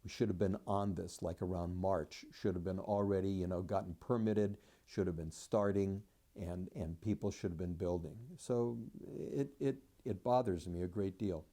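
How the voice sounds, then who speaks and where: A man's voice: low voice, moderate pace, hardly any pauses, mellow. A man who lost his home in a fire, talking bluntly about his frustration with rebuilding delays. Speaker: fire survivor interviewee. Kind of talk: frank personal account.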